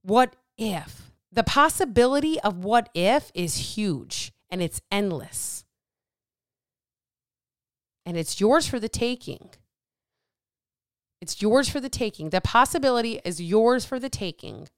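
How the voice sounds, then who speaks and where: A woman hosting a podcast alone from a small dark office, asking repeated rhetorical questions in a fired-up motivational monologue. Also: fairly high pitch, expressive, slow pace, long pauses, clear, resonant tone, no room sound, clean studio sound. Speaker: podcast host.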